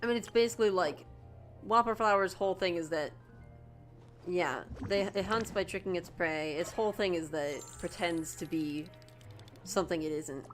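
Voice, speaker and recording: A woman streaming a game with a fairly low voice, chatting casually and gushing with excitement. She trips over her words and restarts often. Faint music plays behind her. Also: moderate pace.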